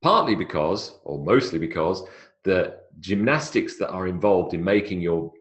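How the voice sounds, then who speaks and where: A man giving an English pronunciation lecture, stretching out example words slowly and jumping up in pitch to stress them. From not South America. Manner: slow, drawn-out model words, lively pitch jumps on examples. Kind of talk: classroom lecture.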